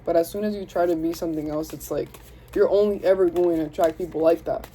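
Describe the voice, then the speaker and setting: A woman's voice: fairly low pitch, fairly even intonation, fast, mellow, a little hiss or hum, low-quality recording. A young woman with a Southern US accent giving a casual, chatty tarot reading, speaking to spirit and her viewers in slangy, self-interrupting talk. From Southern United States. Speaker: tarot reader.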